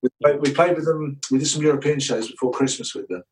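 A musician guest in a radio interview, telling rambling, enthusiastic anecdotes. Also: male voice, on the high side, fast, darkish tone, recorded from a distance, low-quality recording.

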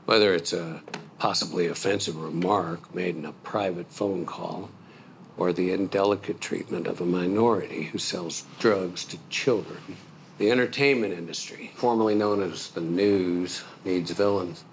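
Stern police superintendent, measured, deep voice, faint noise behind. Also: male voice. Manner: measured, lecturing. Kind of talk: film dialogue.

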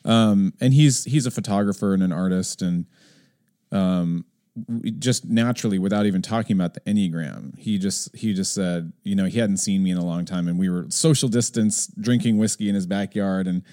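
Low, mellow-voiced man hosting a podcast. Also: moderate pace. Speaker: podcast host. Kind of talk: casual conversation.

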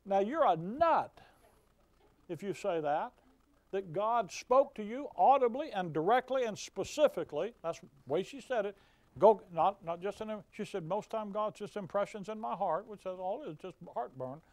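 A man's voice: high voice, animated, normal speed, a little mellow, no room sound. A man preaching a fiery sermon, folksy and emphatic, with mocking asides.

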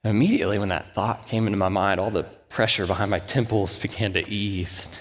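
A man's voice: fairly low pitch, steady tone, a little fast, big-room sound. A man in his thirties, a pastor, preaching a sermon as a candid, self-deprecating personal story.

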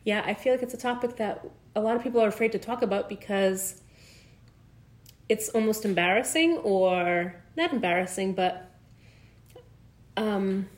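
A woman co-hosting a casual chat, chiming in and laughing along. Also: mid-range voice. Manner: supportive, quick to laugh and chime in.

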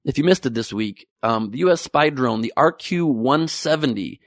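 Male comedian, sarcastic and profane, gravelly edge, dry close sound. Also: mid-range voice, lively intonation, moderate pace, no room sound. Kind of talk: topical comedy monologue.

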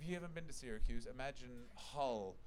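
A man with a North American accent doing stand-up crowd work, fast and sarcastic with plenty of swearing, on a club stage. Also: medium pitch, expressive, heavy background noise. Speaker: stand-up comedian. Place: comedy club stage with live audience. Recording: live room with loud crowd laughter. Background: audience laughing.

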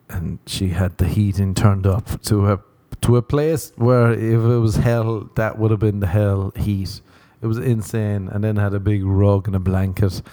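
Podcast host, young adult male, lowish voice, loose profane storytelling with put-on voices. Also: warm tone, no echo. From Ireland. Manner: profane, self-mocking, acts out voices. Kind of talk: rambling comedic monologue.

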